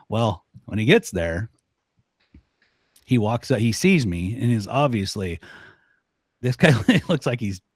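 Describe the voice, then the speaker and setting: A man from northern Idaho, a guest elk-hunting expert, telling stories on a podcast in an animated way and laughing often. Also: mid-range voice, slow pace, pauses often, slightly rough, no echo, studio quality. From northern Idaho, USA. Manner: animated storyteller, laughs often, acts out voices. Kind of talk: casual podcast storytelling.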